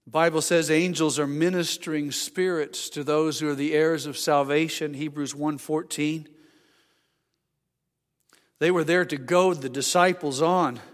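Male pastor preaching emphatically in a church, with a high voice and a reverberant sound. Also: fairly even intonation, measured pace. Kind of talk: sermon. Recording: long hall reverb.

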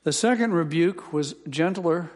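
A man preaching a sermon as pastor, building from calm teaching to emphatic, impassioned peaks. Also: fairly high pitch, a little slow, long reverb tail.

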